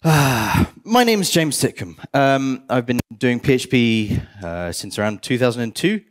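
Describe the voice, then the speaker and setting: Animated man giving a tech talk. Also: mid-range voice, unhurried. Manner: animated, theatrical outbursts of mock despair. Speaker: conference speaker. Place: conference hall stage.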